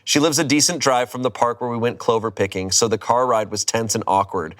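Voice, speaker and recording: A man's voice: mid-range voice, fairly even intonation, brisk, fairly bright tone. A man casually reading a story aloud, swearing freely, breaking into laughter and mock outrage. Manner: reads dramatically, swears, laughs, voices outrage. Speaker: host reading stories aloud.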